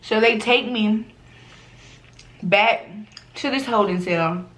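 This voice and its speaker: Young woman vlogger, lively and slangy storyteller, mid-range voice. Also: medium pitch, takes it slowly. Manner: animated, slangy, acts out quoted voices. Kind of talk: casual storytime chat.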